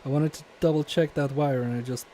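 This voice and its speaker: A Polish-born man streams live as he works through a fiddly repair, muttering self-deprecating asides as he goes. His voice is a little high and dark-toned, steady and slightly fast, with a bit of hiss or hum underneath.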